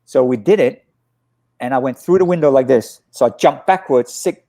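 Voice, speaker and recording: A man's voice: medium pitch, normal speed. A man, a stunt coordinator guest, telling stories in a casual interview and acting out what people said. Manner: animated, acts out quotes.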